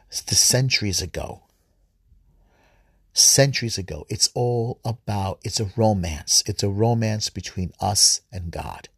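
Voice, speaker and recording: A man giving an earnest, informal reflection on faith, with halting restarts and repeated phrases, before leading a prayer. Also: lowish voice, husky, dry recording, studio quality. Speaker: podcast preacher.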